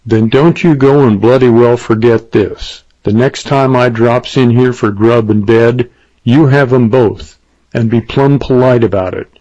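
A man's voice: medium pitch, measured pace, mellow, no room sound, natural voice. A man doing a menacing cowboy gunman. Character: tough cowboy gunman, cold and threatening. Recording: dull lo-fi dry recording.

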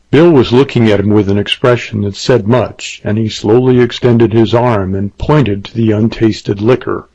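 A man narrating a western novel in a measured storytelling manner. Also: on the low side, fairly even intonation, mellow, slightly rough. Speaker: audiobook narrator. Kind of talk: scripted narration. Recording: dull lo-fi dry recording.

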